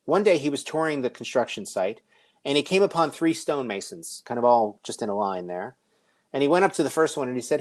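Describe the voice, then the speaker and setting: A middle-aged man giving a conference keynote, conversational with joking asides. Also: mid-range voice. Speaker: conference speaker. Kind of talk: keynote presentation.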